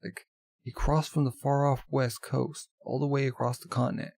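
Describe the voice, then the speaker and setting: Gravelly man reading manga aloud. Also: mid-range voice, flat delivery, normal speed, a little mellow, no echo. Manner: stumbles over words and corrects himself. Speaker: manga reader. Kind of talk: casual read-aloud with commentary.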